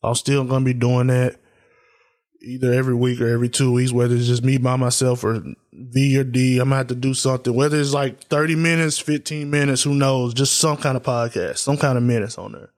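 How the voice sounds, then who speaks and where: A man's voice: mid-range voice, little pitch movement, a little fast. A young man hosting his own podcast alone, talking loosely and candidly with lots of fillers in a subdued, reflective tone. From Tennessee. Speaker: podcast host. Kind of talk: solo casual podcast talk.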